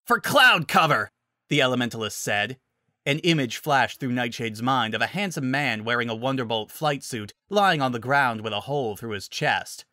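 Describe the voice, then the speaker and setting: A man narrating a dramatic story reading in an animated way. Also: medium pitch, normal speed, dry recording, clean studio sound.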